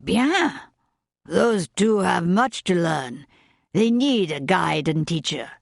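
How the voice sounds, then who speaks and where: A woman voicing a forceful, exacting male chef with a French accent, slow and brisk in turn. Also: fairly low pitch, lively intonation, vocal fry, no room sound, studio quality, exaggerated voice. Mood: brisk, curious. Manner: brisk, commanding.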